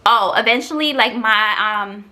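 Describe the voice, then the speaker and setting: A woman's voice: fairly high pitch, measured pace, bright, forceful tone. A young woman, chatting frankly in a casual story-time vlog, with lots of fillers and swearing. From Queens, New York. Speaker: vlogger.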